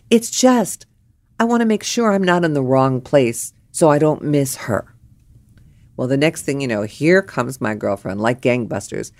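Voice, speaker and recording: An older woman telling a personal story in a lively storytelling monologue, acting out the other people's lines with big jumps in her voice. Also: no echo. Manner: animated, acts out quotes with big pitch jumps.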